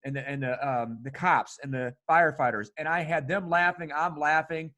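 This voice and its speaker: Brief: higher-pitched middle-aged male host, emphatic, animated, salty language. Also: normal speed. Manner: animated, emphatic, swears freely. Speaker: podcast host. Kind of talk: casual conversation.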